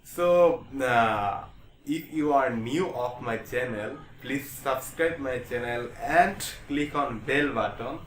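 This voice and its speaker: A man with a Bangladeshi accent teaching English in a casual online lesson, speaking haltingly and checking in with "okay?" often. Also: mid-range voice, echoey room, slight background noise. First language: Bengali.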